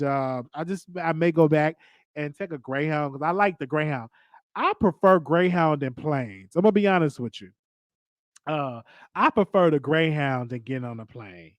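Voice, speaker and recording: A man's voice: fairly high pitch, no room sound. A young adult man from Chicago with a Chicago accent, hosting a casual solo chat, rambling and stammering as he repeats himself. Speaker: show host.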